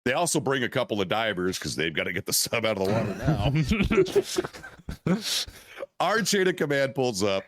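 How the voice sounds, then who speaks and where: A man's voice: medium pitch, very animated, normal speed, long pauses, no room sound. A veteran man on a podcast telling a profane, rambling war story with frequent restarts and swearing. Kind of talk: casual storytelling chat.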